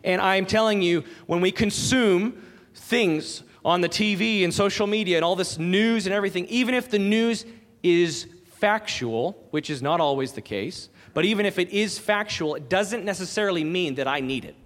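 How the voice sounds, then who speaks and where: Pastor, male, thirties, high voice, earnest emphatic sermon delivery, long hall reverb. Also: moderate pace, a bit bright. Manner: earnest, emphatic preaching with repeated phrases.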